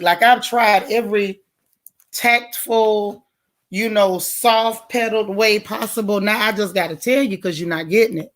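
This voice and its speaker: A hoarse woman hosting a live stream, chatting casually and talking straight to her viewers as she reads their comments. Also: mid-range voice, fairly even intonation, moderate pace. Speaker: livestream host.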